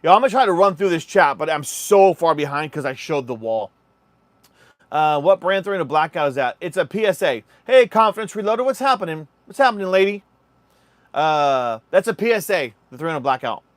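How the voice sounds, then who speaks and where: A livestream host with a voice on the high side speaks a little fast, reading viewer comments and chatting in a relaxed way. He addresses his audience as "y'all," and the recording is dry.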